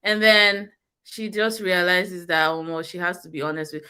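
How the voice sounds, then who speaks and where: A woman with a Nigerian accent, co-hosting a casual movie review chat and retelling scenes in an animated way. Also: lowish voice, moderate pace, smooth.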